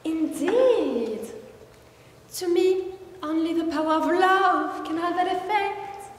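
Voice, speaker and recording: Sly lady lawyer played by a woman, lots of ums, theatrical, animated, distant with long reverb. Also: extremely high pitch, takes it slowly, heavily acted. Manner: hesitant with many fillers, theatrical, giggly. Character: rambling, sly female defense lawyer. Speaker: defense lawyer. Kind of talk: amateur school stage play. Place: school theater stage. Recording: echoey hall, far from mic, faint noise.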